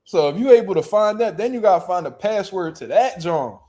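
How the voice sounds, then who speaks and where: A young man, hosting a casual boxing talk stream. His voice sits on the high side, and he jokes loudly and profanely with bursts of laughter. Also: lively intonation, a little fast. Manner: loud joking banter, bursts of laughter, profane slang. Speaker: boxing show host. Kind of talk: casual chat reacting to live chat.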